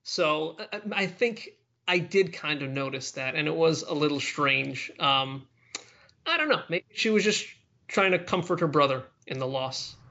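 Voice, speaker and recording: A man co-hosts a casual podcast, thinking out loud and hedging as he recalls. His voice is bright and edged, pitched a little high. The audio is dull and lo-fi. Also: measured pace. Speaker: podcast co-host. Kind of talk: casual wrestling podcast chat. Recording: muffled lo-fi audio.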